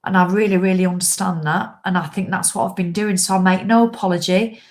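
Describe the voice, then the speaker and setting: A woman's voice: lowish voice, fairly even intonation, fairly quick. A middle-aged woman, a fitness coach, talking straight to her followers in a casual live video with blunt, impassioned swearing.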